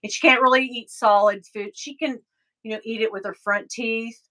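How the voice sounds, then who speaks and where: A woman's voice: a little high, fairly even intonation, normal speed, bright, forceful tone. A middle-aged woman hosting a live stream, chatting casually, telling stories and reading out viewer comments. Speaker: livestream host.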